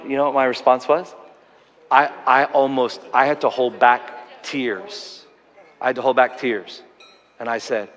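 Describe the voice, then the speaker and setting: A man's voice: mid-range voice, normal speed, long pauses, in a large hall, noisy background. Earnest male pastor preaching. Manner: earnest, storytelling, self-deprecating humor. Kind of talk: sermon. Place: church auditorium.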